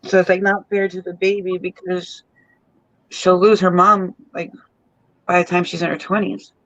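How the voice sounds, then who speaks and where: A man's voice: high-pitched, flat delivery, normal speed, bright, forceful tone, no echo. A man chatting casually and joking easily over a remote call. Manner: easygoing, joking. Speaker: co-host on a call. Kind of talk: casual chat. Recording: dull, dry call audio.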